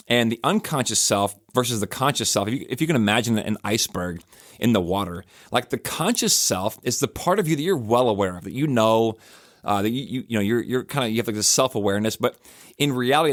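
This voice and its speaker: A man's voice: medium pitch, no room sound, clean studio sound. A man hosting a church podcast, telling stories in a loose, rambling way with many fillers and restarts. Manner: rambling, self-correcting storyteller with frequent fillers. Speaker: pastor and podcast host. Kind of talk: casual podcast talk.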